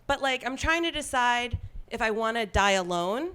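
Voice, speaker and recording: A woman's voice: on the high side, animated, normal speed, sharp tone, smooth. A young woman from Long Island doing a stand-up comedy set on stage, chatty and self-deprecating, laughing at her own jokes.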